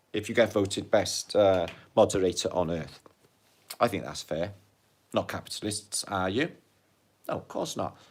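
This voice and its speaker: A man's voice: medium pitch, slight background noise. A man with a British accent hosting a casual livestream, reading out viewer comments and chatting in a jokey, sweary way. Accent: British English. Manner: chatty, jokey and sweary, swings between loud and hushed. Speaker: livestream host.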